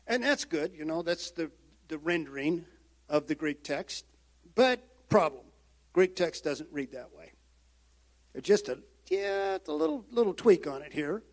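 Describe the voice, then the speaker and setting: Preacher guy, pretty high voice, gets loud and fiery then drops real soft. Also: sing-song, unhurried. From United States. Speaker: pastor. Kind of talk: sermon.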